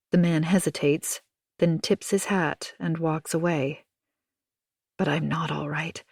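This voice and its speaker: A woman narrating an audiobook in a measured, hushed first-person telling. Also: low-pitched, steady tone, creaky, breathy edge, no room sound, clean studio sound. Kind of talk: scripted narration.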